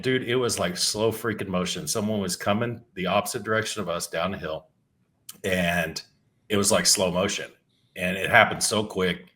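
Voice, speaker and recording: A middle-aged man with a fairly low voice tells a story in a casual, meandering way on a podcast. He swears freely and often trips over and restarts his words. The delivery is relaxed, like he is talking from home. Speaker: podcast co-host.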